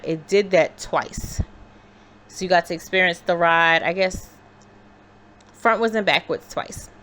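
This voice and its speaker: A woman vlogger telling a personal story in a casual, animated, chatty way. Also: mid-range voice. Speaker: crochet vlogger. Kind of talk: casual storytelling while crocheting.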